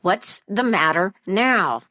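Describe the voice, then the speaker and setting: A woman's voice: medium pitch, expressive, bright, forceful tone. A woman playing a surly sleepy dragon. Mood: irritated, surly. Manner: surly, drawn-out threats. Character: grumpy sleepy male dragon.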